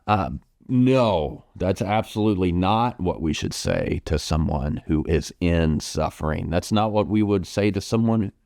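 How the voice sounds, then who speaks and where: A pastor with a low, deep, gravelly voice and an American accent works through a congregation member's question in a pastoral Q&A. Though gentle and reflective, he is animated, pausing on ums and restarting his thoughts. The recording is dry and close, with no room echo.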